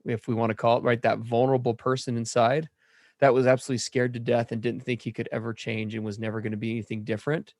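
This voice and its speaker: A man co-hosting a podcast who speaks earnestly and reflectively to listeners in recovery. His voice sits at a medium pitch. The recording is close and dry, with no trace of the room. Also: level tone, fast talker, darkish tone, no room sound. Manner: earnest, reflective, self-deprecating. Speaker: podcast co-host, works with men in recovery. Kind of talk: casual conversation.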